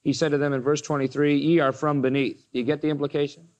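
A man preaching a sermon and retelling a Bible story dramatically, raising his voice for the opponents and dropping it low and quiet for the weighty lines. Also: little pitch movement, quick pace, lo-fi sound. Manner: dramatic retelling, acts out the Pharisees in a raised voice.

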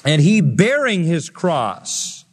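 A man preaching from the pulpit of a large church, his voice pitched a little high and ringing with long hall reverb. He builds to loud, emphatic peaks and drags out key words for weight. The delivery is a full sermon, urgent and declarative. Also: big pitch swings, breathy edge. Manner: emphatic, rising to loud peaks, slowing for stress. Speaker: pastor.

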